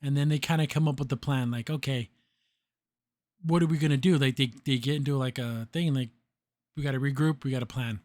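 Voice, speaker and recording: A man's voice: mid-range voice, fairly even intonation, fairly quick, darkish tone, no echo, clean studio sound. A man hosting a podcast, casually recapping a cartoon episode, laughing often and acting out the characters' lines. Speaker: podcast host.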